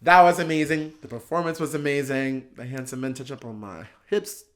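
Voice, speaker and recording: A man guest on a chat show, telling a casual story in an excitable, gushing way with many fillers. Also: medium pitch, brisk. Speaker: podcast guest, drag performer.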